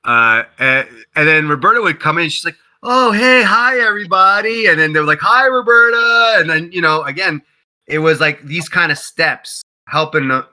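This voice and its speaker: A man being interviewed about game development, telling stories in a casual, animated way, full of "like" and "you know", and acting out what others said in a raised voice. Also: moderate pace, rough recording. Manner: animated storyteller who acts out quotes in a higher voice; heavy use of "like" and "you know".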